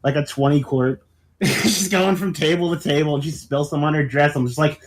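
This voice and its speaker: A man's voice: a little high, moderate pace. A man in casual podcast chat, animatedly telling a story, laughing often and swearing a lot. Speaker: podcast co-host.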